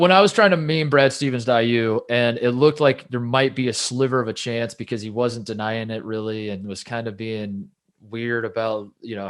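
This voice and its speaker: A man co-hosting a sports podcast in casual chat, rambling and self-deprecating, with many restarts. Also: mid-range voice. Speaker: podcast co-host.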